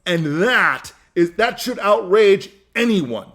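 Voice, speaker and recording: A man's voice: high voice, expressive, takes it slowly, fairly bright tone. A man hosting a podcast, giving a heated, emphatic opinion monologue in which he often repeats himself and restarts. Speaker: podcast host.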